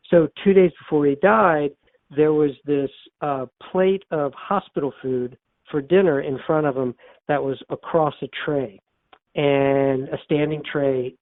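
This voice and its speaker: In an interview, an older man who works as an author and therapist tells a story from his own life, earnestly repeating phrases for emphasis. His voice is on the high side, and the recording has a dry, tinny phone-line quality.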